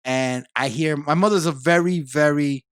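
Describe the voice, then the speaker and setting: A man, a guest on a podcast, telling a long personal story in casual conversation, animated and repeating himself as he talks. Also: fairly high pitch, moderate pace, clear, resonant tone, no room sound, clean studio sound. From Puerto Rico.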